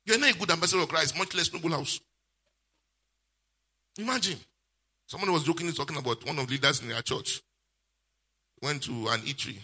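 A male pastor, preaching a sermon with lively call-and-response questions. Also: fairly high pitch, brisk, pauses often, breathy edge.

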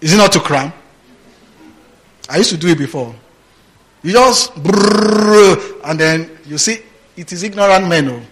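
A man's voice: fairly high pitch, brisk, long pauses, a bit bright, low-quality recording. A man preaching a Bible-teaching sermon who reads scripture aloud, prompts the congregation with questions and laughs often. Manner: laughs often, mimics voices, rhetorical questions.

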